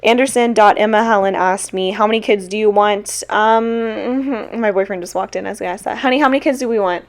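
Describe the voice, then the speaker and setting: Young woman, teacher-vlogger, casual Q&A, self-deprecating, quick to laugh, middle-pitched voice, close mic. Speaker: teacher and small-shop vlogger. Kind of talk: casual Q&A chat. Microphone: own mic.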